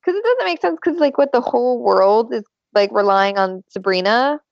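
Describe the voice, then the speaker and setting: A woman co-hosting a podcast, chatting loosely with lots of fillers and easy laughs. Her voice has a gravelly, creaky edge, and the recording is dry and a bit dull and lo-fi. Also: on the high side, animated, normal speed, dry recording. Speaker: podcast co-host. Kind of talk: casual chat.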